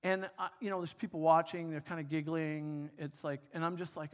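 A man's voice: on the high side, fairly quick. A man preaching a sermon, telling a personal story in a casual, conversational way with fillers. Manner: conversational, with fillers and animated retelling. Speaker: pastor. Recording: long hall reverb.

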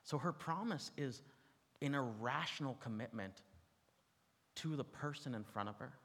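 A man's voice: medium pitch, moderate pace, a bit bright. A man preaching a sermon to an audience, teaching in a conversational way with asides and touches of humor. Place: large room with an audience. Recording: long reverb from a large hall.

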